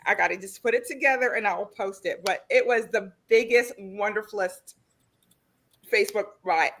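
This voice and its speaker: An excited woman recounting a find in a casual group chat about gardening. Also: medium pitch, moderate pace, a little hiss or hum. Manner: excited, enthusiastic. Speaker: panel guest.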